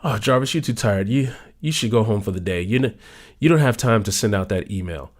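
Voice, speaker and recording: A man's voice: on the low side, lively intonation, fairly quick. A man doing a coaxing inner voice of excuses. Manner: coaxing, whiny excuse-making. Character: nagging inner voice making excuses, male.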